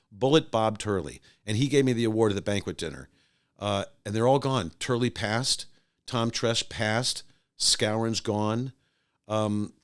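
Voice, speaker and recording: An older man casually telling a long anecdote as a podcast guest, acting out the voices of the people in it. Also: on the low side. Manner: animated anecdote teller, acting out voices of others. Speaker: podcast guest, musician and radio host. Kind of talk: casual storytelling.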